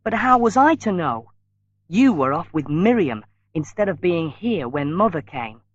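A man's voice: a little high, very animated, unhurried, no echo, lo-fi sound, pitched above the performer's own voice. A man voicing a young woman who reproaches her brother, tearful and accusing.

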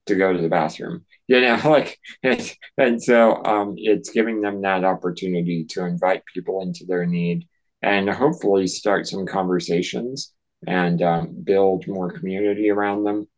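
A man speaking as a podcast guest, talking in a slow, thoughtful way with many ums and restarts. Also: sits low, steady tone, low-quality recording. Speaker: podcast guest, nonprofit founder. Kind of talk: casual interview talk.

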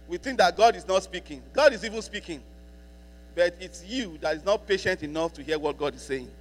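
Pastor preaching, high voice, repeats himself a lot, big echoey church hall with a mains hum. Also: male voice. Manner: preaching with emphatic repetition, slowing to read scripture. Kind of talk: sermon.

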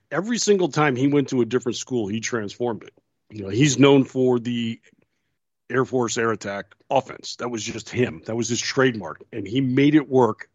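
A man's voice: medium pitch, no echo. Man telling stories in dry, dull audio. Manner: storytelling, quotes others with laughs. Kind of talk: casual chat.

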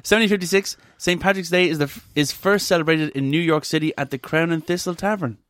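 A man's voice: on the high side, fast, a bit bright, no room sound. A man, co-hosting a podcast in casual banter, reading out dates and swearing often as he acts out quotes. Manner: swears a lot, acts out quotes in put-on voices. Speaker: podcast co-host.

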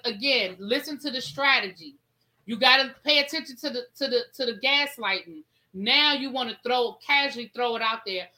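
A woman's voice: fairly high pitch, pushed and bright, low-quality recording. A woman hosting a casual commentary show, talking in a sassy, emphatic way and drawing out her repeated phrases. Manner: sassy, emphatic, drawn-out repetitions. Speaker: show host.

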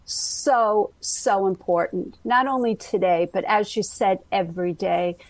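A woman with a Brooklyn accent, a guest author telling her life story in an interview, slow and halting with many ums. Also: mid-range voice, no echo, low-quality recording. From Brooklyn, New York. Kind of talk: interview conversation.

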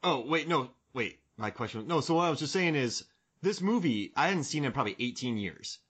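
A man's voice: medium pitch, expressive, brisk, fairly bright tone, husky. Joking man hosting a podcast chat. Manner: joking, rambling, fond of bits. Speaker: podcast host.

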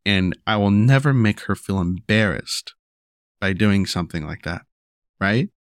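A young man talking casually about raising his daughter, rambling and restarting, repeating "you know" and "right?", and going higher when he acts out what he tells her. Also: expressive, a little slow, dry recording, studio quality. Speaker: father sharing parenting advice. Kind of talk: casual monologue to camera.

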